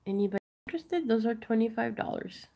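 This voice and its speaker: A woman's voice: fairly high pitch, animated, fast, vocal fry, dark tone. A woman chatting casually while she shows and prices jewelry on a live sale stream. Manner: chatty, rambling, showing items up close. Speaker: online jewelry seller.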